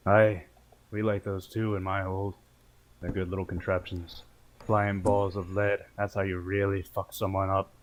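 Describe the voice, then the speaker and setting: Man voicing a low-pitched, blunt dwarf fighter, swaggering and foul-mouthed, tabletop game. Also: level tone, measured pace, slight background noise. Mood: gloating. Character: gruff crude male dwarf warrior.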